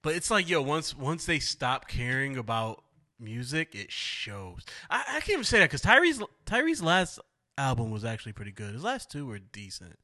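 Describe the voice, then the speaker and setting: A man co-hosting a casual podcast chat, animated and quick to laugh. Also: medium pitch. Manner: animated, laughing, swearing freely. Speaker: podcast co-host.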